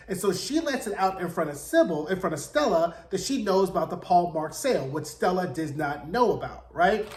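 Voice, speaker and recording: A man hosting a casual, chatty TV recap, telling the plot in a gossipy, animated way with slangy asides. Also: high voice, moderate pace, hardly any pauses. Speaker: TV recap host. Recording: roomy echo.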